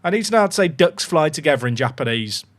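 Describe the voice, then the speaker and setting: A young Englishman streams a football management game, giving excitable, chatty live commentary and swearing casually as he talks to his chat. His voice is a little high and fast.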